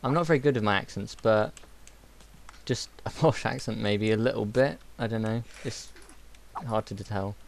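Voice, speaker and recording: A man's voice: on the low side, moderate pace, creaky. A man with a Somerset accent chatting on a group voice call, hesitant and trailing off. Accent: Somerset English. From England. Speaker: podcast participant. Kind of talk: casual group call chat.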